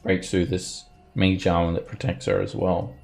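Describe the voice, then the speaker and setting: A man narrating combat as game master of a tabletop game, relaxed and descriptive. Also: low-pitched, moderate pace, soft background music.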